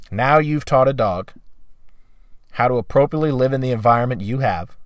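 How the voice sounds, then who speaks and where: A man giving a talk on dog training, emphatic and repetitive, acting out short quoted voices and clearing his throat now and then. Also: mid-range voice, no room sound, studio quality. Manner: emphatic, repeats key phrases, acts out quoted voices.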